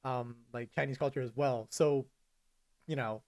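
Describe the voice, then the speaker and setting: A man's voice: mid-range voice, steady tone, measured pace, darkish tone. A young man co-hosting a podcast in casual chat, rambling with lots of fillers and restarts. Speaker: podcast co-host.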